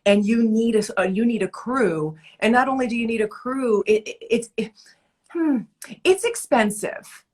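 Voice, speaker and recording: A woman guest on a video call, telling animated, exasperated stories in a casual interview chat. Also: fairly high pitch, normal speed. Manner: animated storyteller, emphatic and exasperated. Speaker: guest, event entertainer and author. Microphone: remote video call.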